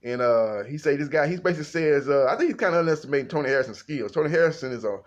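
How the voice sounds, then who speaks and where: A man's voice: on the high side, expressive, racing, highs cut off. Man giving casual boxing commentary. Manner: loose and conversational, heavy fillers, calls listeners "man".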